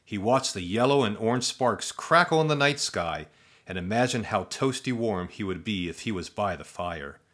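Low voice guy reading a silly spooky story, deadpan, dry jokes. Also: moderate pace. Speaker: narrator. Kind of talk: comic storybook narration.

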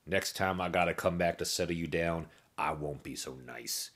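A man voicing a gruff, menacing male jail guard in a storybook tale, growling his threats. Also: low voice, normal speed, fairly bright tone.

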